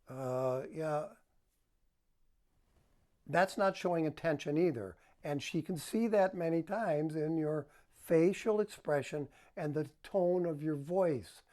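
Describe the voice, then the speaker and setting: A relationship counselor with a slightly high, slightly mellow voice gives advice to the camera in a coaching style, acting out example tones of voice.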